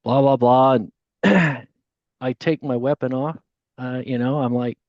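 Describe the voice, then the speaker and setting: A man telling a story on a podcast as a guest. He is casual and animated, and he acts out the voices of the people in his tale. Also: mid-range voice, unhurried, dry recording. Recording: dull, dry lo-fi audio.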